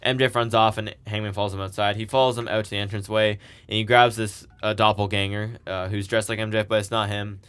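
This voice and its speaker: A man's voice: on the low side, flat delivery, fast, fairly bright tone, clear, resonant tone. A man co-hosting a podcast, casually recapping events with lots of fillers and restarts. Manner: rambling, filler-heavy recapping with laughs. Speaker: podcast co-host.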